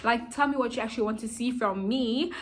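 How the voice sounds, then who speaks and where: A young South African woman telling a storytime vlog in an animated, chatty, self-mocking way. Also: a little high, brisk. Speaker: YouTuber.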